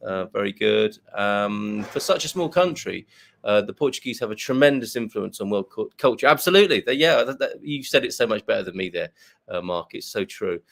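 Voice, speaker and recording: A man's voice: on the low side, animated, fairly quick, vocal fry, fairly bright tone. A man hosting a live-stream chat, reading viewer comments with rambling, jokey, self-mocking asides. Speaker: host.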